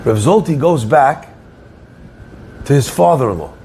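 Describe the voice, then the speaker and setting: A man's voice: mid-range voice, unhurried, a little hiss or hum. A man preaching as a rabbi, telling a story in his sermon and putting questions to his listeners. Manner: animated storyteller who asks the listeners questions.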